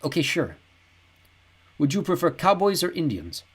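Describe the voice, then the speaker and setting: A polite, curious teenage girl from a storybook, voiced by a man narrator. The voice is lifted high and sounds slightly husky. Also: very animated, normal speed, full character voice.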